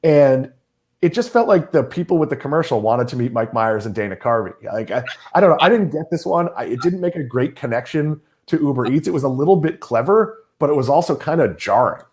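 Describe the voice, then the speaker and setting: A man's voice: mid-range voice, animated, fairly quick, darkish tone. A middle-aged man from Massachusetts hosting a casual chat, wry and teasing as he talks. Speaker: host.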